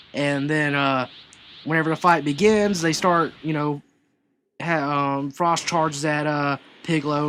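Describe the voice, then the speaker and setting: A man's voice: on the high side, fairly bright tone, a little hiss or hum. A man casually reviewing an anime episode, chatty and rambling, full of asides as he recaps.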